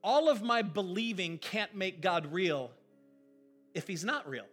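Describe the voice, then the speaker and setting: A male pastor preaching a sermon in an animated, emphatic, conversational way. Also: high voice, a little slow, soft background music.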